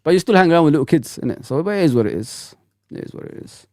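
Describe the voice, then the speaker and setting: A man in his forties hosts a fan livestream and rants bluntly in a casual, slang-filled way. His voice sits somewhat high and swings widely in pitch. The sound is close and dry, with no room echo. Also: quick pace. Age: 40s. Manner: animated, blunt, ranting, slangy. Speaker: football fan channel host.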